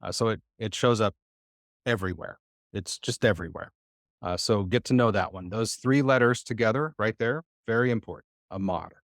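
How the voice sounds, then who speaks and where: A man's voice: on the low side, a little fast, no room sound, studio quality. A man teaching a live Hebrew lesson to a church class, patient and full of "uh" fillers as he quizzes his students.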